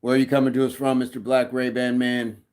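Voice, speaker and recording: A man's voice: medium pitch, completely flat delivery, fast talker, darkish tone. A middle-aged man hosting a livestream, reading chat messages aloud in a casual, joking way and laughing often.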